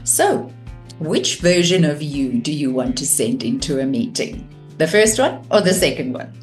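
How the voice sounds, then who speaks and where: A woman teaching a course on communication, calm and measured, showing vocal techniques. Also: sits low, faint music behind. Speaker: communication coach.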